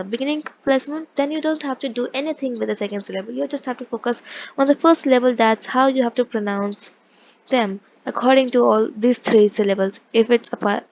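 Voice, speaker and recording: Higher-voiced woman teaching a language lesson. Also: creaky, a little mellow, dull audio, a little hiss or hum. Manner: explains patiently, with frequent restarts and check-ins. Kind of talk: casual online lesson explaining pronunciation.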